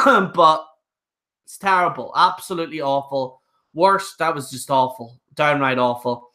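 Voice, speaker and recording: A man's voice: a little high, a little slow, pushed and bright. Blunt, rambling young male reviewer. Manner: blunt, ranting, rambling with many restarts. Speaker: wrestling show reviewer. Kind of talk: casual live-stream rant.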